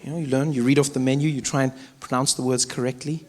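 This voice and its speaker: A South African man performing stand-up comedy, telling stories with lively accent impressions, on a theatre stage with a stage microphone. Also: mid-range voice, fast talker. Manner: animated storytelling with frequent accent impressions. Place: large theatre stage before a live audience.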